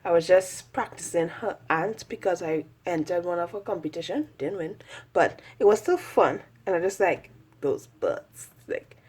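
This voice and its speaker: A woman's voice: lowish voice, lively intonation, normal speed, darkish tone, slightly rough. A woman chatting casually through a sketchbook tour, rambling and self-mocking, often laughing at her own drawings. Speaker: artist vlogger.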